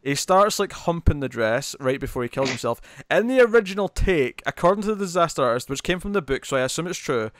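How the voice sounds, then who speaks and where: Man, podcast host, casual chat, animated, slightly high voice, dry sound. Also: quick pace, few pauses, no echo. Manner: animated, laughs often.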